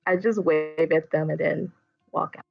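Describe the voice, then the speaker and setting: A man's voice: a little high, steady tone, moderate pace, creaky, lo-fi sound, soft background music, voice pushed up. A man voicing his own young male character in a tabletop game, talking easily and casually.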